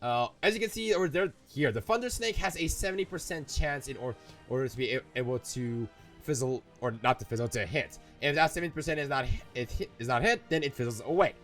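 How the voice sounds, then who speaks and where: A man's voice: mid-range voice, quick pace, fairly bright tone, faint music behind. A young man commenting on a video game, rambling and playful, often correcting himself. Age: young adult. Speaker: gaming YouTuber. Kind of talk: let's play commentary.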